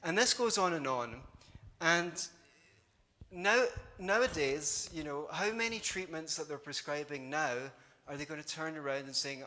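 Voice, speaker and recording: A man's voice: on the high side, lively intonation, a little slow, pushed and bright. A man giving a live conference talk, conversational and wry, with sarcastic asides. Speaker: conference speaker. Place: conference hall. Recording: long hall reverb.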